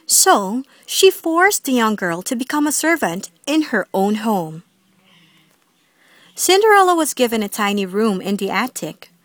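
A woman reading a fairy tale aloud as the storyteller, expressive and sing-song. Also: a little high, measured pace, dry recording.

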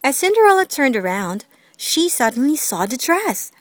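Woman storyteller, read-aloud fairy tale, lively pitch, slightly high voice, expressive. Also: moderate pace, dry recording, studio quality. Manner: expressive, sing-song reading.

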